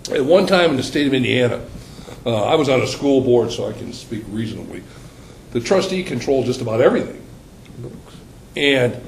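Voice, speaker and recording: Earnest man, gravelly voice, echoey room. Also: medium pitch, expressive, a little fast, a little hiss or hum. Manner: earnest, repeats words when he restarts. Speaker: former township trustee on a panel. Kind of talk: panel discussion.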